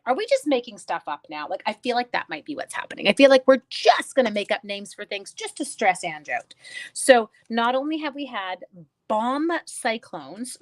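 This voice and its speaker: Here a middle-aged woman with a slightly bright mid-range voice teaches card making on a live stream. Between steps she greets people by name, jokes at her own expense, and drifts into meandering anecdotes.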